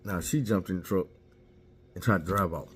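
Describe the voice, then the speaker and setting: A man's voice: deep voice, normal speed, slightly rough. Profane man telling a candid story. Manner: profane, candid, self-mocking. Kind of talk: casual personal storytelling.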